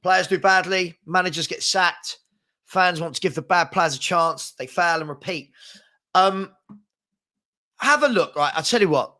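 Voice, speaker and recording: A man's voice: high-pitched, measured pace, pushed and bright. A man hosting a casual live-stream chat, frustrated and rambling, reading out viewer comments as he talks. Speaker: host.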